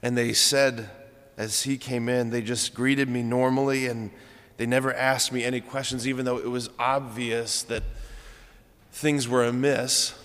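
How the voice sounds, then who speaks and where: A man's voice: medium pitch, level tone, unhurried, a bit bright. A young adult man, a priest, giving a homily in a conversational storytelling way, with frequent fillers. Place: large church. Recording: long church reverb.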